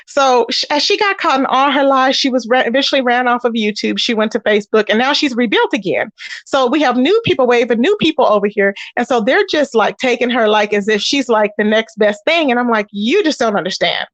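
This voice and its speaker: High-pitched woman dishing gossip. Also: dry recording. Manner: animated storytelling, acts out quoted voices, talks straight to viewers. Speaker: commentary channel host. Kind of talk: casual gossip commentary.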